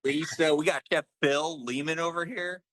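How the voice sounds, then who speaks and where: An upbeat man chef joins over a video call from a restaurant kitchen, greeting everyone with hype-man energy. His voice is bright and forceful, and the sound is dry and close. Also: fairly high pitch, steady tone, normal speed, dry recording.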